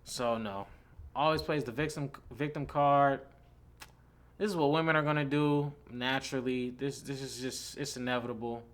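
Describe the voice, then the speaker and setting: A man's voice: medium pitch, fairly even intonation, normal speed. A young man giving blunt, slangy, opinionated commentary while ranking a tier list, with lots of "like" and "bro" fillers.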